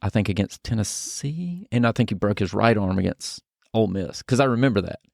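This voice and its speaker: A man's voice: lowish voice, expressive, fairly quick, vocal fry, dry recording, clean studio sound. A man co-hosting a casual sports podcast, joking and laughing at his own jokes while he tells stories about players and coaches. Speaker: podcast co-host.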